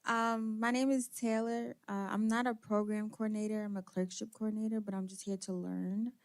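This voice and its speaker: A woman speaks up from the audience, her voice smooth and clear but held in a narrow, flat pitch range. She introduces herself with a few hesitant fillers. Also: moderate pace. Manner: hesitant at first, then steadier. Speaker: audience member, clerkship coordinator. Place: conference room audience.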